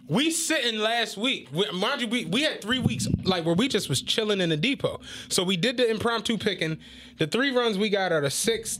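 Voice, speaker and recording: A podcast co-host with a high male voice tells animated, profane stories in casual chat, acting out the quotes as he goes. There's a slight hiss or hum in the background.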